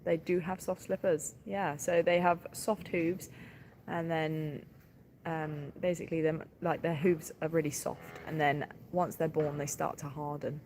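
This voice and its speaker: A woman's voice: low-pitched, fairly even intonation, measured pace, darkish tone, a little hiss or hum. A tired woman, a livestock farmer chatting casually on a live stream, giggling often and filling gaps with ums. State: tired, short on sleep.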